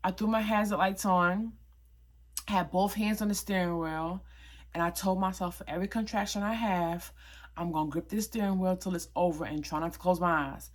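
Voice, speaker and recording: Casual vlogger, young woman, slightly low voice, animated and emphatic storyteller. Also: normal speed. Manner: animated, emphatic retelling with quoted dialogue.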